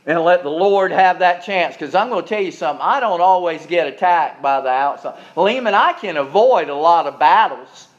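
A man's voice: on the high side, expressive, normal speed, hardly any pauses. A man preaching a sermon in a folksy, emphatic way, with repeated asides to listeners. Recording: dull lo-fi recording.

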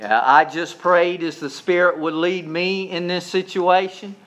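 High-voiced preacher, loud then hushed. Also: male voice, fairly even intonation, a little slow. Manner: swings from loud emphatic to soft and hushed. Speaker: pastor. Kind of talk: sermon.

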